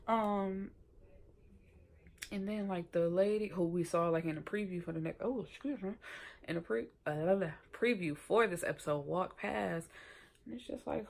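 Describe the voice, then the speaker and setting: A woman casually recapping a TV episode in a sassy, chatty way, often acting out the characters' lines in a higher voice. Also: moderate pace, gravelly, a little mellow, slight background noise. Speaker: TV episode reviewer.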